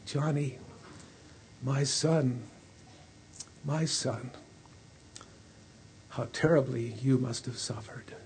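A man voicing a tender older father who welcomes his lost son in a soft, husky voice. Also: mid-range voice, steady tone, drawn-out words, long pauses, a little hiss or hum.

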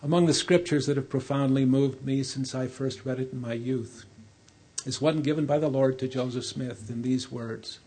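Older man, sermon, solemn, earnest, storytelling, mellow, husky. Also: medium pitch, fairly even intonation, normal speed. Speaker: church speaker.

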